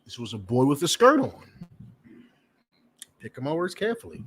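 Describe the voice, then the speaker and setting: A preacher and teacher with a slightly high, husky voice gives a fiery, profane lecture at normal speed, his pitch swooping wildly. He's emphatic and repetitive, restating points and questioning the audience directly.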